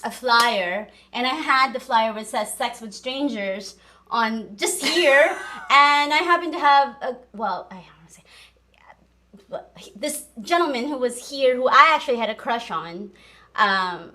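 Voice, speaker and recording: A woman hosting a podcast in casual chat, animated, laughing often and swearing freely. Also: fairly high pitch, a little slow. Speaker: podcast host.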